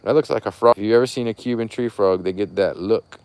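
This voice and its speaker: A man walks through his outdoor plant nursery after dark, talking to viewers about his trees. He rambles in a chatty, folksy way. His voice drifts off the handheld camera's mic now and then. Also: fairly low pitch, fast talker, clear, resonant tone, no echo. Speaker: rare fruit tree grower and seller. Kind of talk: casual walking tour, talking to viewers.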